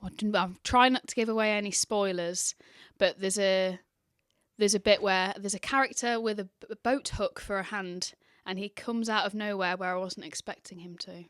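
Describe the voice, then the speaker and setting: A woman primary teacher talks in a chatty, lively way, filling her answers with little fillers. Her voice sits in a middle pitch and is recorded close and dry, with no room echo. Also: moderate pace. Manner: chatty and animated, with lots of fillers. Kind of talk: casual interview answers.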